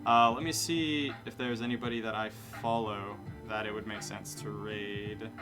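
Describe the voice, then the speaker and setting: Dude streaming late, flat matter-of-fact delivery, guitar music going behind him. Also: male voice, fairly low pitch, normal speed. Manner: matter-of-fact, falling inflections; rambling, self-correcting. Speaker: streamer and bartender. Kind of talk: casual live-stream chat.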